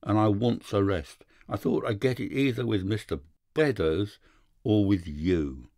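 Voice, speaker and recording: A man voicing a wizened, crafty old sailor who speaks slowly and slyly in an audiobook. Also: on the low side, darkish tone, dry recording, studio quality. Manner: slow, sly, rough sailor's speech. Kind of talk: audiobook character voice.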